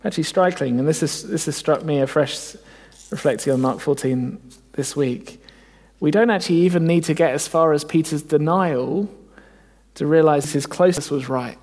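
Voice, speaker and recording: A man's voice: a little high, normal speed, darkish tone, in a large hall. A man preaching a sermon, earnest and reflective, often asking his listeners rhetorical questions.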